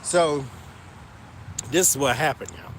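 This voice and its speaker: A man telling a story to his viewers in an animated, gossipy and emphatic way. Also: a little high, takes it slowly, a little hiss or hum. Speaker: vlogger. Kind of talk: casual storytelling to camera.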